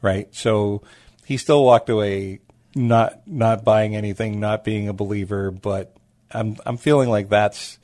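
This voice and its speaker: A man, a food truck owner telling stories as a guest in a casual interview, animated and acting out the people he quotes. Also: lowish voice, measured pace, dry recording. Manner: animated, acts out quoted voices.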